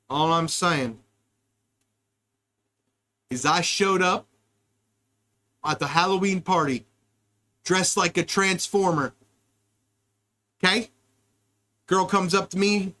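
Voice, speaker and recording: A man's voice: sits high, takes it slowly, pauses often, bright, forceful tone. A man hosting a podcast, telling rambling, crude comic stories and jumping between wild tangents. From United States. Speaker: podcast host. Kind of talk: rambling comedic storytelling.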